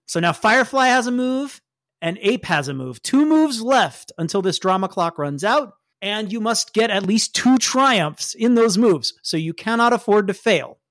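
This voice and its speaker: A man's voice: high voice, a bit bright, no room sound, clean studio sound. A man running a superhero tabletop game as game master, narrating in a loose, chatty way with frequent laughs.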